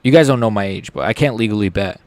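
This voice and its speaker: A young man hosting a livestream, giving live fight reaction commentary in a rambling, excitable way, swearing and swinging from mumbles to shouts. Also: lowish voice, quick pace, no echo. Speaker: livestream host.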